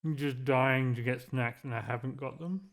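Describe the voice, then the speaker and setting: A man's voice: medium pitch, steady tone, moderate pace. A man co-hosting a podcast in casual chat, making wry, dry jokes. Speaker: podcast co-host.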